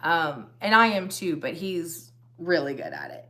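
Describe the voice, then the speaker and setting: A woman's voice: fairly low pitch, huge pitch swings, unhurried, sharp tone. Chatty middle-aged woman on a live stream. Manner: chatty, laughs often, trails off mid-sentence. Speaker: co-host of a couple's live stream. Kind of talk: casual chat.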